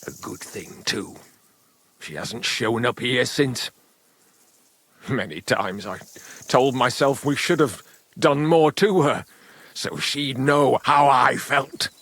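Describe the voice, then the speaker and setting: A bitter, grieving husky village father. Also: medium pitch, a bit bright, dry recording. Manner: slow, brooding, rising to angry bursts. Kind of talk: voiced game dialogue.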